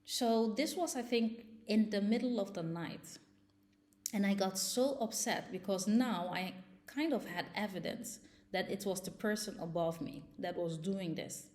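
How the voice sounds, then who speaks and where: A woman's voice: medium pitch, measured pace, a little mellow. A young woman vlogger telling a personal story in a casual, agitated and emotional way.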